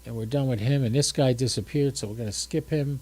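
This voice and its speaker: A man's voice: mid-range voice, brisk, a little mellow. A drowsy, tired man hosting a casual livestream, chatting and thinking aloud as he works his ham radio gear. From United States.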